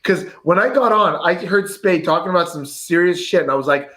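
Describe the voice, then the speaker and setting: A male guest on a livestream with a somewhat high voice. He talks in a playful, enthusiastic, joking way and tends to laugh through his lines. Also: fairly quick, sharp tone. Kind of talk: casual livestream banter.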